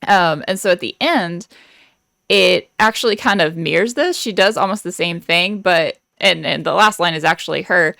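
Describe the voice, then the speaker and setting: A woman's voice: on the low side, animated, moderate pace, vocal fry, a bit bright, dry recording, studio quality. A woman guest on a podcast, chatting casually with lots of fillers and easy laughs. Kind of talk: casual chat.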